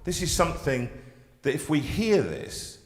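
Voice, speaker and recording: A man hosting a live show, telling an emotional personal story with halting restarts. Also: on the high side, very animated, reverberant, big-room sound. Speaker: host.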